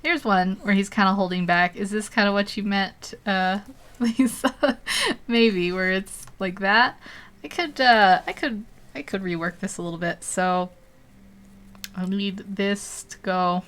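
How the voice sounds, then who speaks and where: A young adult woman chats casually on a live stream as a digital artist, thinking aloud while she draws and laughing often. Her voice sits in the mid range and is steady, unhurried, a bit bright, and clean in tone.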